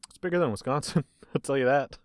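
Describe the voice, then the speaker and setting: A man hosting a casual podcast chat and asking the questions, with blunt, dark deadpan humor. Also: medium pitch, fast, clean tone, no echo, studio quality. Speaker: podcast host.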